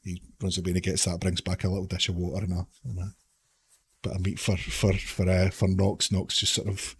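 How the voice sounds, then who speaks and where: A man's voice: deep voice, monotone, fairly quick, slightly rough. A man narrating a tabletop game as game master in a casual, rambling way, full of fillers.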